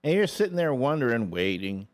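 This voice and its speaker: A man hosting a radio show in casual chat, acting out quotes with animated energy. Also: a little high, normal speed. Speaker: radio host.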